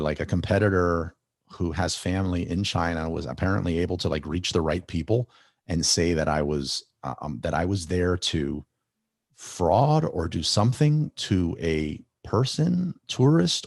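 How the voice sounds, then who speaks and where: A man guest on a podcast, telling a long story in a rambling, animated way with many restarts. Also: deep voice, no echo, clean studio sound. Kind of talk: casual storytelling.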